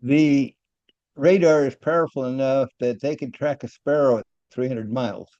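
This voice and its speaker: A man's voice: mid-range voice, fairly even intonation, moderate pace, dark tone, no room sound, dull audio. An older man, a retired aircraft engineer, talking casually in an interview, often repeating words and chuckling at his own stories.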